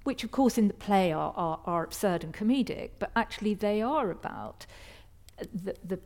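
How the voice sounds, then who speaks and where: A woman's voice: mid-range voice, expressive, moderate pace, darkish tone. A woman hosting a panel discussion before an audience, asking academic, probing questions with hesitant restarts. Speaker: panel host.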